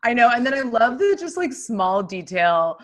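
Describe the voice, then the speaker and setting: A woman co-hosting a casual film podcast, bubbly and quick with frequent laughter. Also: on the high side, very animated, fairly bright tone. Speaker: podcast co-host.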